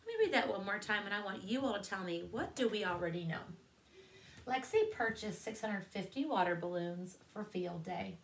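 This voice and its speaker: A woman's voice: mid-range voice, animated, normal speed. A woman teaches a math lesson to second graders. She talks in an encouraging way and keeps asking the class questions as she works through a problem. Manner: encouraging, asks many questions.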